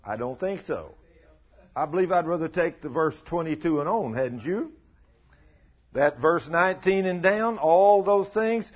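The older male preacher here has a slightly rough, rather high voice with lively intonation and a moderate pace. His folksy sermon mixes storytelling with questions aimed at the listeners, heard through a muffled lo-fi recording.

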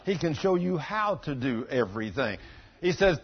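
A middle-aged man preaching a sermon, telling folksy stories and swinging from quiet asides to loud emphatic bursts. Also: fairly high pitch, very animated, normal speed, breathy edge. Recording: dull lo-fi church recording.

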